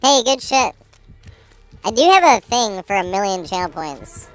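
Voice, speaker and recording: A woman with a mid-range voice talks through her gameplay, rapid and exasperated, swearing now and then. Faint music plays behind her. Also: mid-range voice, big pitch swings. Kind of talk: live gameplay commentary.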